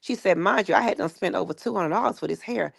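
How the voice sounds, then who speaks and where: A woman, casually retelling a story and acting out the quoted people in lively bursts. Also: medium pitch, quick pace, gravelly, husky, no echo, clean studio sound. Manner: animated retelling with quoted voices. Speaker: guest recounting stories.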